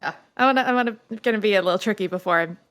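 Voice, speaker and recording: A woman player talks playfully through her turn in a tabletop game, giggling often at a middling pitch. Faint music plays underneath. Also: very fast, a bit bright.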